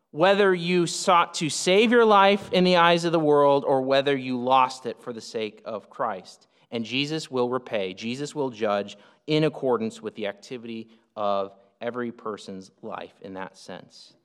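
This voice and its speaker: A male preacher delivering an expository sermon in a slightly higher-pitched voice. He is emphatic and pushes his pitch up and down to drive points home. His voice rings with the long reverb of a large hall. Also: expressive, a little slow, a bit bright, clear, resonant tone. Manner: emphatic, rising and falling in pitch for stress.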